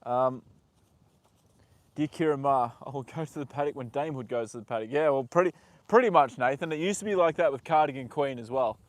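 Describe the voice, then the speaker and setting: A young man live-streaming from a horse paddock, chatting with viewers and talking softly to his horse. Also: medium pitch, a little fast, dry recording. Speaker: livestream host. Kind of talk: casual live stream chat.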